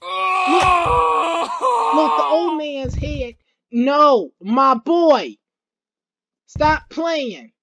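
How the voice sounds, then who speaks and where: A woman hosting a gaming video, commentating a let's play with excited yelps, shouts and slangy chatter. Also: sits high, gravelly, heavy background noise. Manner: slangy, repeats phrases rapidly.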